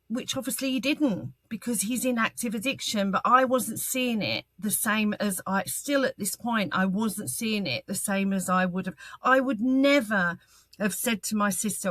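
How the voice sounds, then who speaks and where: A woman, telling her own story as an interview guest in a halting, earnest way, with frequent ums and restarts. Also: medium pitch, animated, a bit bright, dry recording. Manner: earnest and candid. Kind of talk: personal testimony in an interview.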